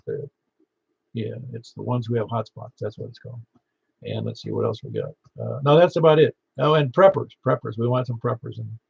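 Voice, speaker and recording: Man, Middle Tennessee accent, gravelly voice, folksy net control chat, lo-fi radio sound. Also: mid-range voice, a little mellow, dry recording. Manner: joking, folksy. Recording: lo-fi radio transmission.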